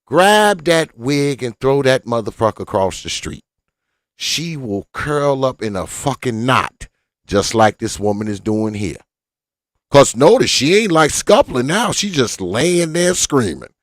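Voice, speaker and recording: A man hosting a show, giving crude, mocking reaction commentary on a video and acting out other voices in quick asides. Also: mid-range voice, very animated, no echo, studio quality. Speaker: host.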